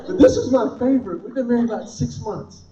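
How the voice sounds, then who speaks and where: A man's voice: very high voice, fast talker. A middle-aged male comedian telling punchy, self-deprecating stories to a live crowd and tossing questions to the audience. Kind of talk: stand-up storytelling. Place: event hall. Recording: roomy, distant, dull live recording.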